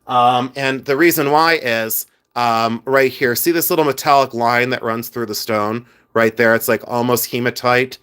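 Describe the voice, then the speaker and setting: Middle-aged male host, live-stream chat, animated and digressive, mid-range voice. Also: mid-range voice, moderate pace, few pauses, smooth. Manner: chatty, animated, rambling with frequent asides. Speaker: jewelry collector hosting a live stream.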